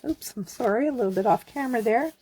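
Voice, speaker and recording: Crafter host, woman, slightly high and husky, slow friendly talk-while-working. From Canada. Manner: chatty, relaxed, talks while working. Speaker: card-making demonstrator. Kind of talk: casual craft tutorial.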